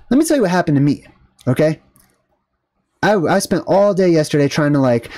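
This man's voice sits on the high side and is a little mellow. He's vlogging, telling a story as a casual, indignant rant that rambles along with plenty of fillers and asides.

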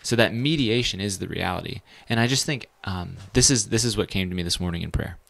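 A man, a pastor, teaching the Bible in a casual, animated way with bits of slang. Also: low voice, a little fast, gravelly.

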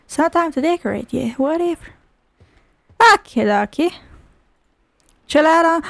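High-voiced, sweary woman gamer. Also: expressive, a little slow, gravelly, long pauses, fairly bright tone, no echo. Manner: profane, sarcastic, exclamatory. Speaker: gaming video host. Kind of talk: casual let's-play commentary.

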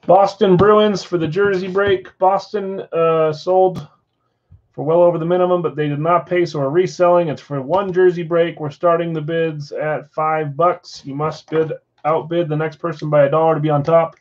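A man's voice: fairly high pitch, fairly even intonation, moderate pace, a little mellow, dull audio. A man hosting a live card-break stream from home, chatting casually and reading viewer comments aloud. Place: house with a floor above.

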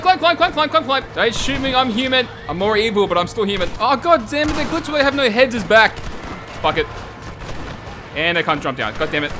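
A man giving crude, comedic commentary over a video game, often shouting and laughing. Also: very high-pitched, animated, a little fast, over music. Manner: loud, crude, shouts often and laughs at his own jokes. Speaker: gaming channel host. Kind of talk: profane comedic gameplay commentary.

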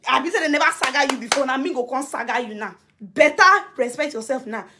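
A woman with a Nigerian accent, a social media personality, speaks quickly in a high voice straight into her phone camera on a live video, with background noise audible. She's confronting someone, hammering home the same demands repeatedly and emphatically while laughing now and again.

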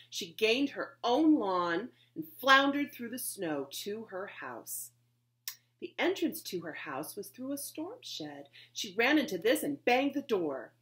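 A woman reading a children's chapter book aloud with expressive, lively storybook delivery. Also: on the high side. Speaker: reader, society board member.

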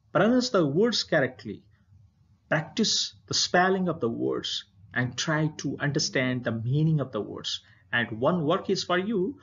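A man with an Indian English accent, an English teacher reading a story aloud deliberately and then addressing his students. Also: a little high, a bit bright, lo-fi sound. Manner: clear, deliberate reading with stress and intonation.

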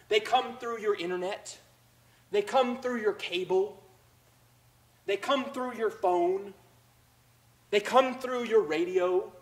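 A man's voice: high-pitched, a bit bright, rough recording. A man preaching a conversational sermon as pastor, acting out the voices of the people he describes. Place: church sanctuary.

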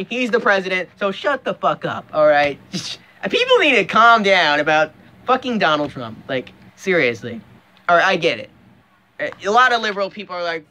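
Profane, animated young man ranting. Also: a little high, a little fast. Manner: profane and emphatic, with frequent restarts. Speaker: vlogger. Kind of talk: casual vlog rant.

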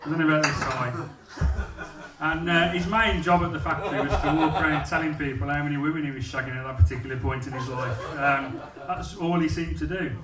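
Crude stand-up comedian. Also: male voice, a little high, a little fast, crowd noise. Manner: cheeky, crude, self-mocking storytelling. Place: comedy club stage, indoors. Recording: echoey club from far off, audience noise.

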